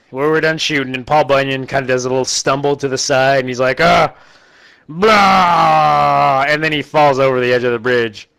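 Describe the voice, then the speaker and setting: A man casually recapping a terrible movie for laughs, animated and laughing often as he acts out lines. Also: medium pitch, clear, resonant tone, poor audio. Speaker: movie reviewer.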